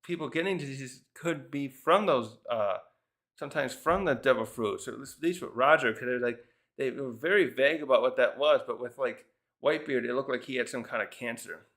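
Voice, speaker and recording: A man's voice: medium pitch, a little fast, fairly bright tone. Guy chatting thru a manga chapter, loose and rambly, keeps restarting his sentences. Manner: thinks aloud with many restarts and fillers. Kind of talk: casual rambling commentary.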